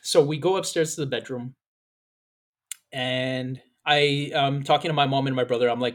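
A man hosting a podcast, telling a story in casual chat, animated and swearing freely as he acts out what people said. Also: medium pitch, moderate pace. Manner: animated, profane, acts out quoted lines. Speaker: podcast host.

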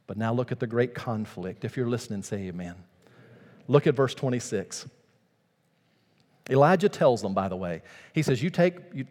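A male pastor preaching a sermon, swinging from hushed, quiet lines to loud, fervent outbursts in a rhythmic preacher's cadence. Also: medium pitch, long reverb tail.

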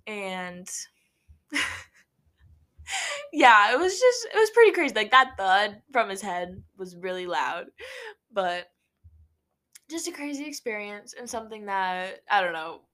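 Talking to camera, a young woman from Nebraska, USA, chats her way through a story with lots of laughter and many "like" fillers. As a vlogger she sounds very animated and a bit bright, her mid-range voice slow with long pauses.

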